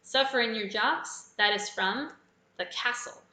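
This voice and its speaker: A woman's voice: a little high, a little slow, pushed and bright. A woman hosting a live quiz, casually going through the answers and adding chatty personal asides. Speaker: quiz host. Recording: echoey room.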